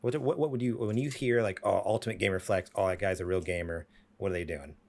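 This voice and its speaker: A man's voice: deep voice, quick pace, creaky. A young man co-hosting a gaming podcast, telling long rambling stories and acting out the voices of the people in them. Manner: rambling storyteller, acts out voices. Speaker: podcast co-host. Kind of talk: casual chat.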